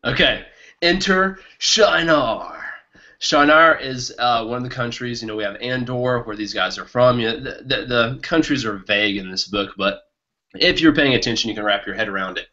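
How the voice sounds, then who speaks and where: Enthusiastic man chatting about a book, bright forceful voice, muffled lo-fi recording. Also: mid-range voice, fairly quick. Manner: enthusiastic, excitable, laughs often. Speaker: podcast co-host. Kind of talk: casual book discussion. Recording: muffled lo-fi podcast audio.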